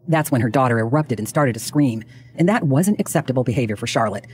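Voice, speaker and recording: A man narrating a true crime drama in a measured, dramatic storytelling manner. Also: mid-range voice, lively intonation, husky.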